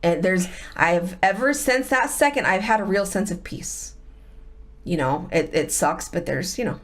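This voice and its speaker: A woman's voice: lowish voice, unhurried. A middle-aged woman, a guest and the host's wife, telling a personal story in candid conversation and acting out the voices of people she quotes. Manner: animated, acts out quoted voices.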